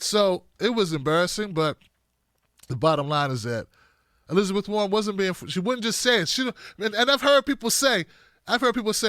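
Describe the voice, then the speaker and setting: A man hosting a livestream of political commentary, animated and talking straight to his viewers, sometimes putting on mocking voices. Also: sits high, fairly quick, no echo, studio quality.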